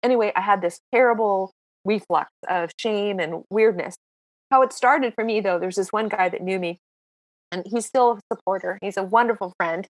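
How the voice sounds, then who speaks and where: A woman in her sixties, a podcast guest telling stories in a casual, lively, self-mocking way. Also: medium pitch, normal speed, no echo. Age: 60s. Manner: lively, self-mocking storyteller who acts out dialogue. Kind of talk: casual interview storytelling.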